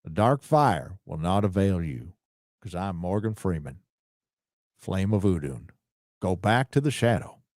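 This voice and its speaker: Solemn old wizard, deep and slow, commanding and dry-voiced, as a man does a celebrity impression. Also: very animated, darkish tone, no room sound. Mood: grave. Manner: deep, slow, grave impression of a famous actor. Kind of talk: playful impression on a live stream.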